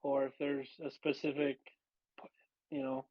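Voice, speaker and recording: A man hosting a podcast, speaking in an encouraging, halting way full of "you know"s. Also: mid-range voice, completely flat delivery. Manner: encouraging, halting, filler-heavy. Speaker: podcast host. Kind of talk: casual podcast chat. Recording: dull lo-fi recording.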